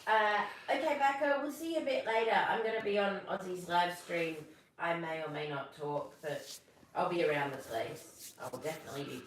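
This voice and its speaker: A woman hosting a live stream chats away and pokes fun at herself, telling corny jokes while sounding a little sick. Her fairly low voice moves at a moderate pace and echoes from away from the mic, in an echoey room with slight background noise.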